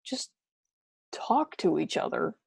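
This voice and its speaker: Low gravelly woman co-hosting a podcast. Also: huge pitch swings, takes it slowly, darkish tone, dry recording. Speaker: podcast co-host. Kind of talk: casual podcast conversation.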